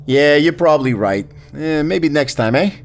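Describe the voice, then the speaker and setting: An actor playing a casual, crude, chatty Grim Reaper in an audio role-play drama. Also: male voice, fairly high pitch, animated, normal speed. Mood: gossipy. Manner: laid-back, chatty, crude and wry. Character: casual joking male Grim Reaper, Death.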